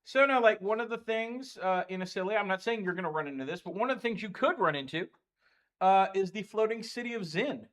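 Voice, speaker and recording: A man's voice: high voice, animated, fairly quick, a bit bright. A man acting as dungeon master, chatting casually on a livestream in a game store and rambling through game lore with lots of fillers.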